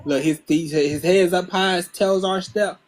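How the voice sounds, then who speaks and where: A man's voice: sits high, steady tone, a little slow. A man hosting a casual video chat, laid-back and slangy, with a drawling delivery.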